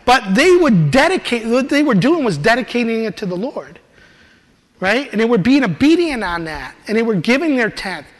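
High-voiced preacher in a reverberant church. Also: male voice, normal speed. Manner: animated storytelling, laughs while he talks. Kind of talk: sermon with personal testimony.

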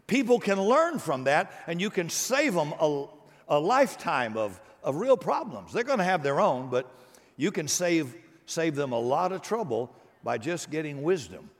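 A man preaching a sermon, animated and conversational, acting out voices and joking with the congregation. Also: on the high side, normal speed, long reverb tail. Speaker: pastor.

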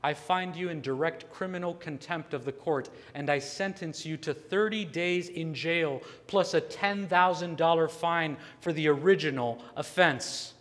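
A man voicing a calm, stern judge in a courtroom, in a sermon retelling. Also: a little high, a little slow, few pauses, big-room sound.

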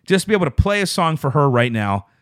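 A man's voice: very animated, fast talker, clean tone, no room sound. Man, podcast host, radio-announcer voice, rambling restarts, dry room. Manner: exaggerated radio-announcer delivery, lots of pitch swoops. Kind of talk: solo podcast chat with live viewers.

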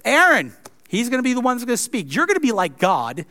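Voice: medium pitch, wildly swooping pitch, fast, sharp tone, pitched above the performer's own voice. A preacher voicing God in a sermon retelling. The voice stays casual and plain-spoken, close to the preacher's own. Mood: reassuring. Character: God, patient and firmly reassuring.

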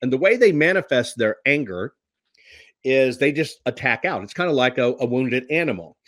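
A man's voice: medium pitch, expressive, normal speed, a bit bright, dry recording, studio quality. A man hosting a show, talking loosely about history with many fillers and restarts. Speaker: host. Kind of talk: casual spoken history talk.

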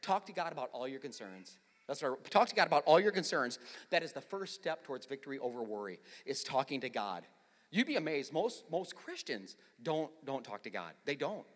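A middle-aged male pastor preaching a sermon in a conversational, storytelling way that swells into forceful emphasis. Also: mid-range voice, very animated, fairly quick. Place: large church. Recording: long hall reverb.

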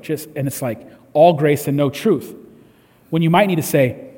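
A man's voice: fairly high pitch, normal speed, darkish tone, slightly rough, in a large hall. A man preaching a sermon in a conversational way, often restarting his words. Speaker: pastor. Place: church service.

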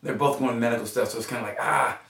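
A podcast guest spins stories in a casual chat, cursing freely and doing the voices of the people he quotes. His voice is medium-pitched with vocal fry, and he races along. He's off-mic and distant in an echoey room.

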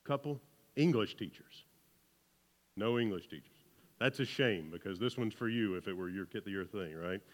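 Southern pastor preaching in a reverberant hall. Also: male voice, on the low side, moderate pace. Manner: conversational, keeps asking "right?", jokes with the congregation. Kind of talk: sermon. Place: church hall with about seventy people.

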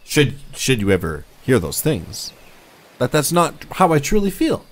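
A man's voice: medium pitch, huge pitch swings, measured pace. An improv performer playing a nervous male customer who keeps backpedaling and placating. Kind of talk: improv comedy.

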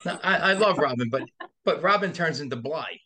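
A man with a bright, forceful voice, pitched a little high for a man, spins a profane anecdote in loose podcast chat. He laughs through his own stories and jumps into other people's voices as he tells them. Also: lively intonation, brisk. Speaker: body shop owner and podcast guest. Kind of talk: casual storytelling chat.

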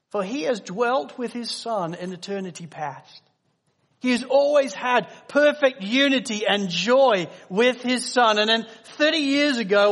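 Guy preaching, kinda high voice, goes loud then real soft and hushed, long echo in a big hall. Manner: swings from loud proclaiming to hushed tender near-whisper. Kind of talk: sermon.

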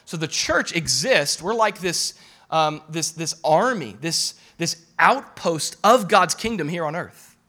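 A man preaching a sermon as pastor, animated and casual, repeating phrases for emphasis. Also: fairly high pitch, a little slow.

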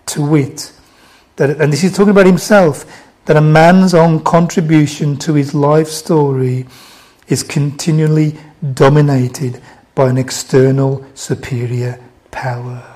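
A man preaching a sermon, swinging between loud, emphatic exhortation and hushed, soft reassurance. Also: fairly high pitch, steady tone, unhurried.

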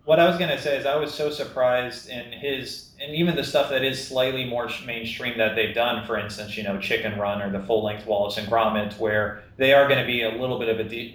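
A man hosting a podcast interview, speaking in a measured way with short agreeing replies. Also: medium pitch, fairly even intonation, fairly bright tone. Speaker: podcast host. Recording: roomy, distant from the mic.

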